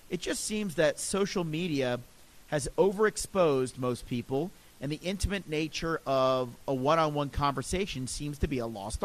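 A man's voice: a little high, rough recording. A middle-aged man, a podcast host, telling a personal story in an earnest, reflective and enthusiastic way.

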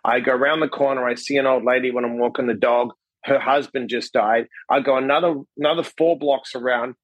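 A man guest on a podcast telling a personal story in casual conversation, animated and acting out what people said, often tagging his lines with a question. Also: medium pitch, fairly quick, no echo, lo-fi sound. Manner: animated, acts out quotes, frequent "right?" tags. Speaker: podcast guest, author and coach.

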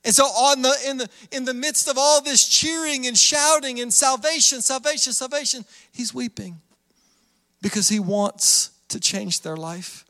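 A man's voice: extremely high pitch, normal speed, pushed and bright, long reverb tail. A man preaching a sermon as pastor, with an earnest, repetitive cadence.

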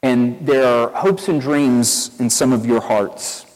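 Southern pastor preaching in a reverberant church. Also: male voice, medium pitch, slow. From East Tennessee, USA. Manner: conversational storytelling, animated and earnest. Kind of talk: sermon. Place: church sanctuary with long reverb.

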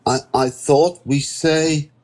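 A nervous, stammering man speaking halting broken English, his voice pitched up above a plain reading tone, as a storyteller puts him on. He stumbles over his words and sounds unsure of himself. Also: steady tone, a little mellow. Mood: alarmed. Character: anxious male newcomer, hesitant, broken English.

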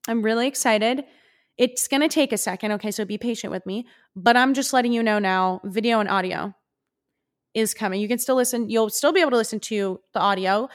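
A young woman hosting her own podcast alone, chatting casually in a bubbly, gushing way. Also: on the high side. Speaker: podcast host. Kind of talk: solo casual podcast chat.

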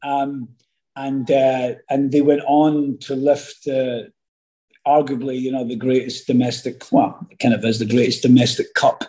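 A middle-aged Scottish man, an actor guest telling stories in a casual interview, animated and rambling with many fillers and restarts. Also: mid-range voice, unhurried, poor audio. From Scotland.

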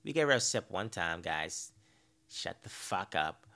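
Slow and deep with vocal fry, a podcast host's voice carries a casual ranting monologue. He tells stories with profane animation, airing petty, exasperated complaints.

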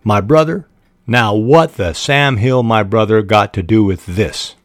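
A man's voice: medium pitch, slow pace, no room sound, clean studio sound. A man reading the dialogue of a sly, menacing Southern country deputy aloud, with a Southern country accent and an emphatic drawl. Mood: indignant. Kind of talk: dramatic reading of novel dialogue.

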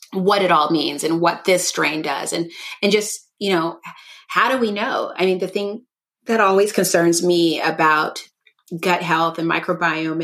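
A woman's voice: on the low side, a bit bright. A woman co-hosting a podcast, chatting casually and thinking aloud in long, rambling sentences. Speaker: podcast co-host. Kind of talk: casual chat.

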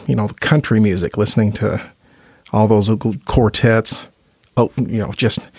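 A gospel quartet tenor from Indiana, USA, guests on a podcast, telling earnest, chatty stories and laughing easily in casual interview fashion. His mid-range voice is captured in a dry, studio-quality recording.

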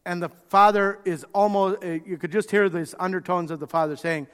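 A man preaching a sermon, telling the story in an animated way and acting out the quotes. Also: sits high, brisk, few pauses. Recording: reverberant hall.

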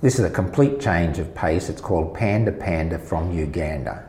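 A man's voice: deep voice, normal speed, mellow, echoey room. A man hosting a community radio interview, introducing items in a friendly, encouraging way.

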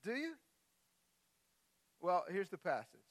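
A middle-aged man preaching a sermon as a pastor, moving from quiet scripture reading into loud, impassioned outbursts. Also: sits high, wildly swooping pitch, takes it slowly, dry recording.

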